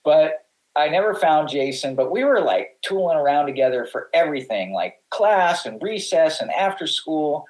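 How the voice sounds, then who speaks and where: On a low-quality recording, a middle-aged man who surfs professionally tells long, relaxed stories as a podcast guest, with many restarts and quotes acted out. His voice is on the high side, a little mellow, with lively intonation at a moderate pace.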